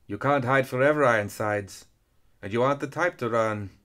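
A man's voice: lively intonation, close to an everyday voice. Man voicing a furious fiery female angel. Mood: commanding. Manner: booming, commanding, drawn-out. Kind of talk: audiobook character voice.

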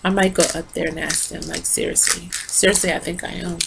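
A woman reviews a lipstick in a loose, rambling way, tired and talking straight to her audience. Her voice sits low and has a gravelly fry. She records on her phone, with a faint hum of noise underneath. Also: flat delivery, fairly quick. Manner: rambling, talks straight to viewers as y'all. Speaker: beauty vlogger. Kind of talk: casual rambling product review.

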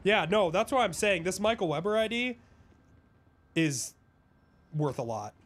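A man's voice: high voice, big pitch swings, a little slow, a bit bright. A man roleplaying a crook in a game, talking in a profane, rambling, conspiratorial way. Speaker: roleplay streamer playing a crook.

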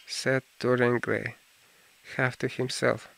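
A man narrating an audiobook in a slow, deliberate reading. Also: medium pitch, fairly even intonation, gravelly, fairly bright tone, rough recording. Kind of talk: scripted narration.

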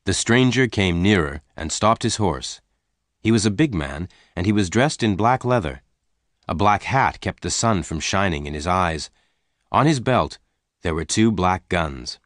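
A man narrating a story in a slow, clear, even reading for English learners. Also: low voice, dry recording, studio quality.

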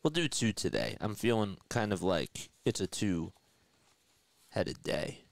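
A man hosting a casual live-stream play-by-play of a baseball game, chatting with his viewers between pitches. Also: big pitch swings, slow, gravelly, no echo. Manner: chatty, talks to his chat audience.

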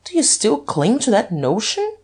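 Reader doing bored aristocrat duke, airy and high-pitched, audiobook. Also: male voice, huge pitch swings, unhurried, a little mellow, slightly rough, exaggerated voice. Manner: airy, drawling, easily surprised. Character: Duke, careless young aristocrat, lightly mocking.

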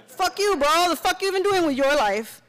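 A woman's voice: fairly high pitch, very animated, fairly quick, low-quality recording. A woman voicing a brash, crude young man who trash-talks a former classmate with swagger and profanity. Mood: taunting.

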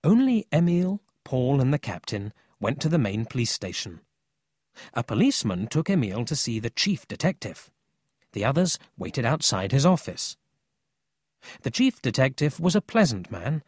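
A man narrating a children's audiobook in a scripted, expressive storytelling manner. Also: mid-range voice, moderate pace, no room sound, studio quality.

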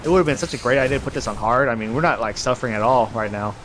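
A man's voice: mid-range voice, very fast, background noise. A young man who swears freely and teases his friends while playing a co-op game. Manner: swearing, teasing, excitable. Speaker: gamer, channel host. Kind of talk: casual co-op gaming chat.

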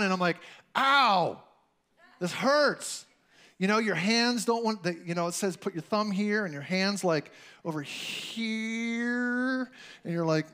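Male preacher, high voice, loose storytelling delivery, filler-heavy, conversational sermon. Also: fairly bright tone, clean tone. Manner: chatty, storytelling, lots of "like" and "you know". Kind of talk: casual sermon with personal stories.

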